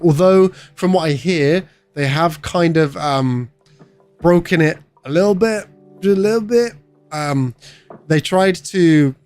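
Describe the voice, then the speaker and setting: A man's voice: mid-range voice, a little mellow. A young British man chatting casually on a game livestream, joking and answering chat as he goes. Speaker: streamer.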